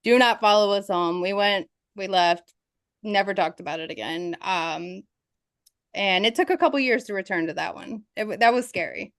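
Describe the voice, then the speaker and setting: A woman describes her ghost investigations in an interview, telling the story vividly and laughing through its tense moments. Her voice sits at a middle pitch and is recorded dry, with no room around it. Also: moderate pace, fairly bright tone, no echo.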